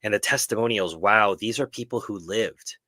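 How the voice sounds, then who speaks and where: A man's voice: fairly low pitch, moderate pace, pushed and bright, no echo. Earnest man hosting a live stream. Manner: earnest, reflective, frequent self-corrections. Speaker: host of a film club live stream. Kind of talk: casual live stream discussion.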